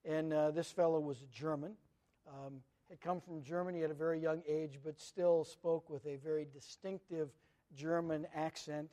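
A middle-aged man with a notably high-pitched voice delivers an earnest, conversational sermon. He speaks as a pastor, weaving personal stories into his teaching. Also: steady tone, moderate pace, dark tone.

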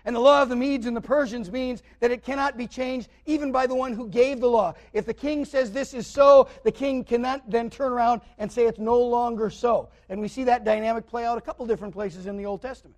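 A man with a very high voice preaches a sermon, retelling a scripture story with lively energy. He acts out the characters as he goes and swings between loud passages and quiet ones. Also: fast, few pauses.

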